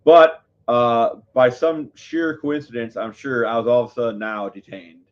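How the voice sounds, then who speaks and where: A man's voice: medium pitch, steady tone, normal speed. A man hosting a live show, telling viewers a story in a heated, profane, rambling way. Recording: dull lo-fi audio.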